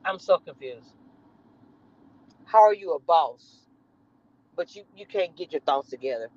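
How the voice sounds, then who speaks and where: A woman's voice: mid-range voice, slow, long pauses, dry recording. A woman with a Southern US accent, chatting sassily and animatedly to her viewers on a livestream from her car. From Southern United States. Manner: animated, sassy, laughing. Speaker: livestream host. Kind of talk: casual livestream chat. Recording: dull lo-fi livestream audio.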